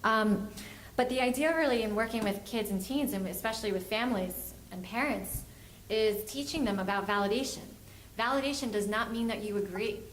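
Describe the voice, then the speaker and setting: A woman's voice: on the high side, a little fast, slight background noise. A woman, a family therapist, giving a workshop lecture and acting out the parents and kids she quotes. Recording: echoey room, faint ambience.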